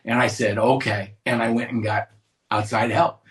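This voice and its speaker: A man's voice: mid-range voice, level tone, moderate pace, a bit bright. A man from California sharing his recovery story at a meeting, candid and conversational, with restarts and asides. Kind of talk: personal recovery share to a live group.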